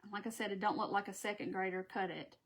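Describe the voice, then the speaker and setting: A woman's voice: mid-range voice, steady tone, quick pace. A woman hosting a live craft stream, chatting with viewers as she works and laughing at her own stumbles. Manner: chatty, laughing at herself, talking to viewers while working. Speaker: craft host.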